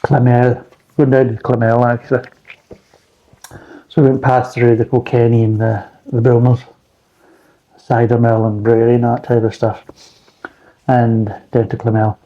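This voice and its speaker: A man's voice: medium pitch, level tone, moderate pace, long pauses, dull audio. A man reviewing beer in a rambling, blunt casual chat, swearing freely.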